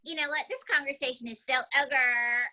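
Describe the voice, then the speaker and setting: A woman voicing a sassy, money-minded female ventriloquist puppet with a higher, sharp-tongued voice. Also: normal speed.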